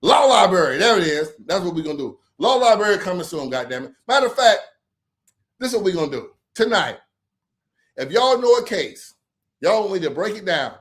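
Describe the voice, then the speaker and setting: Animated, profane man ranting on a livestream. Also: sits high, a little fast. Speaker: livestream host. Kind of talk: late-night livestream rant.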